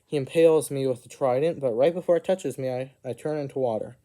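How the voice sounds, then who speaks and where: A man narrates an improvised fantasy adventure in the first person. His voice is mellow and soft-edged, and he keeps breaking off for asides and self-corrections. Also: medium pitch, fast talker. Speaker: storyteller.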